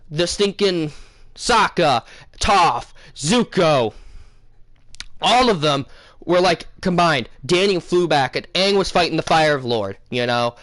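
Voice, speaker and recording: A young man casually retelling a dream to his viewers, rambling and excitable, with many fillers and self-corrections. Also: on the high side, no room sound. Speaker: gaming channel host. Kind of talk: casual storytelling to camera.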